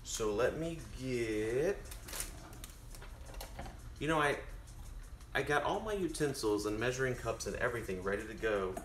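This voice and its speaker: A man's voice: medium pitch, expressive, a little slow, long pauses, roomy sound, noisy background. Chatty man hosting a cooking stream. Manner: chatty, talks straight to viewers. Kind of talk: casual live cooking stream. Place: home kitchen.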